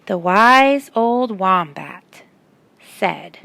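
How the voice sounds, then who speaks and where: A woman reads a picture book aloud to children, pausing to ask them questions. She reads slowly, in a bright voice with a gravelly edge, recorded close and dry. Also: mid-range voice, animated, no room sound. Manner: asks the listeners questions. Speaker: storyteller.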